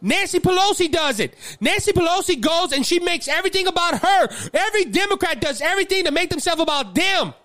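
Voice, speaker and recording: A man's voice: extremely high pitch, animated, a little fast, hardly any pauses, sharp tone, dry recording, studio quality. A man with a Louisiana accent hosting a political commentary show, impassioned and fiery, often repeating words as he builds steam. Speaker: podcast host.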